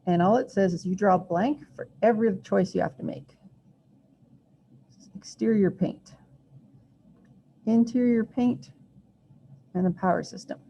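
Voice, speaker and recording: A woman's voice: mid-range voice, unhurried, vocal fry, pauses often, dark tone. A woman teaching a recorded math lesson, chatty and self-deprecating, thinking aloud as she draws. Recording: muffled lo-fi recording, faint hiss.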